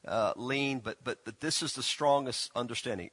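A male pastor delivering a loose, conversational sermon, teasing his listeners and stumbling through restarts and fillers. His voice sits at a middle pitch. The recording is dry and close, with no room echo. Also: fairly bright tone, husky. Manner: folksy, teasing, halting with many restarts and fillers. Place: church.

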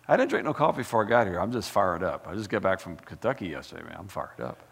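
A male pastor preaching with fire, his voice climbing and plunging all over the place. His tone has a gravelly edge, and it rings out with a long reverb from a church sanctuary. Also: sits low, fast talker. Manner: fired-up, animated preaching with folksy asides and repetitions. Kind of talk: sermon.

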